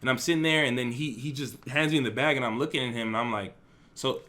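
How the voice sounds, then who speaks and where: A young man recounts a story for his vlog, animated and loose with slang and swearing. His voice is bright and forceful, sitting at an average pitch. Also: fast. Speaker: vlogger. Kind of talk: casual storytime.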